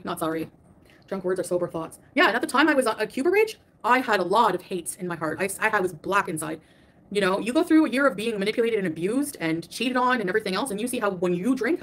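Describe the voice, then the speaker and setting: A woman streamer with a mid-range, slightly bright voice rants on her livestream, answering critics defensively. She is emphatic and keeps repeating herself.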